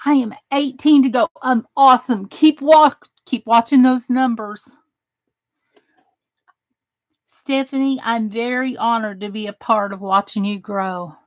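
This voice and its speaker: Slow-talking, higher-voiced woman crafter chatting. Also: no echo. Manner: chatty, greets viewers by name. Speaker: crafting channel host. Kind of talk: casual livestream chat while crafting.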